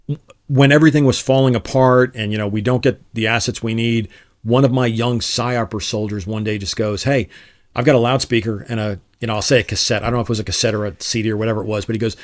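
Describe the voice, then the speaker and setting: A middle-aged man, a retired Army officer, telling stories in a casual interview and acting out the lines of the people in them. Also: fairly low pitch. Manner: animated storyteller who acts out quoted dialogue. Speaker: retired Army Special Forces officer, guest.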